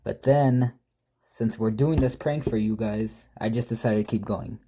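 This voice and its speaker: Low mellow guy reading out creepy texts, swearing and mocking the whole time. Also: unhurried. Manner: profane, mocking, exasperated commentary. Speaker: prank storyteller. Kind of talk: casual storytime reading out texts.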